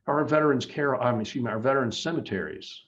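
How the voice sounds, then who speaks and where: A man's voice: mid-range voice, fast talker, a bit bright, highs cut off. A man running for office, answering interview questions in an earnest, emphatic way with frequent restarts. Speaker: political candidate.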